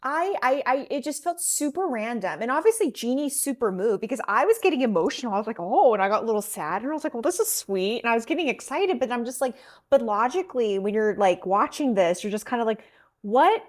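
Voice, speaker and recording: Woman, podcast co-host, casual chat, animated retelling, quotes in voices. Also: a little high, fast. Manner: animated storytelling, acts out quotes.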